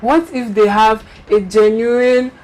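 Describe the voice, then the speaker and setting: A woman's voice: on the high side, steady tone, slow pace, a little mellow, slight background noise. A young woman hosting a casual chat show, telling stories animatedly and acting out the messages she gets. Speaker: host.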